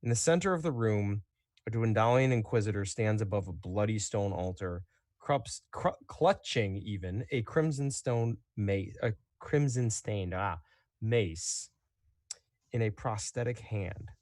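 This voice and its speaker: A man narrating as game master in a tabletop game, relaxed and chatty with many fillers. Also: fairly low pitch, a little slow, dry recording, clean studio sound.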